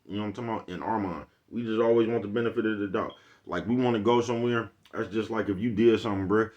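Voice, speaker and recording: Deep-voiced man rambling casually to camera. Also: quick pace, darkish tone, dull audio. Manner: rambling, profane, streetwise slang, keeps asking "you know what I'm talking about". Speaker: vlogger host. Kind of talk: casual motivational monologue.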